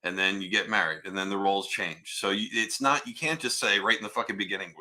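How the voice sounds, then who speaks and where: Low-voiced man, sharp and forceful tone, blunt podcast guest who swears a lot. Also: fast talker, few pauses, poor audio. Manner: heated, blunt, heavy swearing, interrupts. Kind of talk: casual podcast chat.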